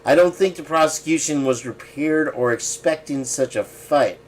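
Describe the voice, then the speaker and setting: A man's voice: on the high side, moderate pace. A man hosting a casual live stream, reading viewer comments aloud and adding sarcastic asides with frequent chuckles. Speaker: livestream host.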